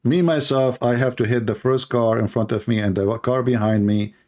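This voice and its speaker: Animated man acting out little dialogues. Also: moderate pace. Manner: animated, acts out dialogues in higher voices. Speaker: commentator. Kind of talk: casual talk to camera.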